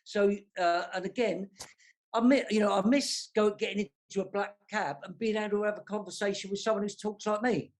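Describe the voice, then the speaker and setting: High-voiced man with a London accent. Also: steady tone, brisk. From south London. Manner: chatty, rambling, frank. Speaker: panel guest from advertising. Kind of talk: casual panel discussion.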